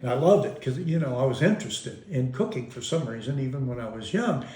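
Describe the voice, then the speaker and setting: A man's voice: medium pitch, animated, a little fast, dark tone. A man being interviewed, casually reminiscing about his family as an amused storyteller who often stops and restarts his sentences. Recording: roomy echo.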